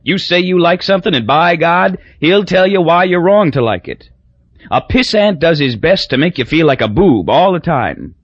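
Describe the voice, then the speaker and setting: A man voicing a loud, drunk, blustering middle-aged man in an audiobook reading. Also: a little high, expressive, moderate pace, breathy edge, no echo, dull audio, pitched above the performer's own voice. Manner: blustering, emphatic.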